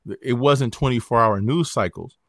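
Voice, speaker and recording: A man hosting a podcast, talking politics in a casual, animated way, full of slang and swearing and quick impressions of other people. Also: medium pitch, no echo, clean studio sound. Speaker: podcast host.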